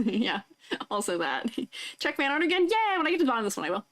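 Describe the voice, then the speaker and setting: A young woman's voice sitting a little above the usual range, bubbly and quick to giggle. She chats casually with viewers on a live stream, teasing and reacting playfully to fan art. The talk is loose and spontaneous. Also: sits high, sing-song, fairly bright tone.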